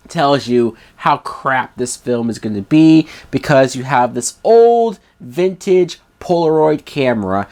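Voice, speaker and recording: A man reviewing a film in a scornful, emphatic rant, swearing freely. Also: medium pitch.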